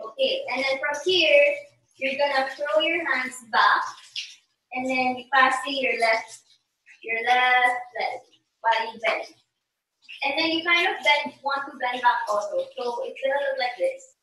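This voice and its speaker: High bright woman counting dance beats. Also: steady tone, measured pace. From Philippines. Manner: counts beats aloud, checks in with okay. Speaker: dance teacher. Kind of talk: online dance tutorial. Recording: roomy echo, voice from a distance.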